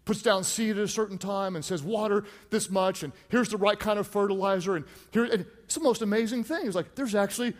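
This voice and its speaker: A man delivers a lively sermon, his voice sitting high for a man. He pushes hard on key points and calls out to the congregation. Long reverb from a large church hall trails every phrase. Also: fairly quick, few pauses. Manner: animated, rises to shouts for emphasis, calls on the congregation. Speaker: pastor.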